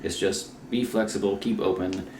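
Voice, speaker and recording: A man's voice: deep voice, steady tone, normal speed, a little mellow, echoey room, slight background noise. A man, a comedian guest on a podcast at his own house, talking casually in a loose, self-mocking way with some profanity.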